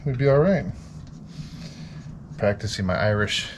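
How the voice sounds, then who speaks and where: A man's voice: on the low side, animated, measured pace, background noise. A man hosting a repair vlog, chatting casually and joking while he works on a car in a garage. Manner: joking, playful asides. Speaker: mechanic host. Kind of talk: casual talk while working.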